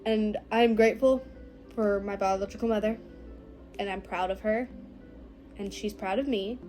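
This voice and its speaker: A teenage girl talking casually to the camera, slow and reflective, her phrases often trailing off softly. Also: medium pitch, fairly even intonation, soft background music, low-quality recording. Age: teens. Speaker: vlogger. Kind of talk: casual personal talk to camera.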